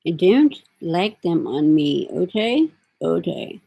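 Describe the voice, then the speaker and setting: A woman's voice: on the low side, sing-song, slow pace, gravelly, warm tone, poor audio. A middle-aged woman talking to her camera in a rambling, casual way, drifting from thought to thought with lots of fillers. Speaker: vlogger. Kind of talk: casual vlog talk.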